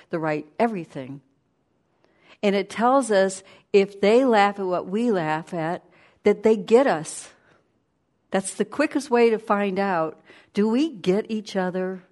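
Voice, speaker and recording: A woman giving a conversational sermon, animated and storytelling. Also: fairly low pitch. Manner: animated, storytelling, laughs while speaking.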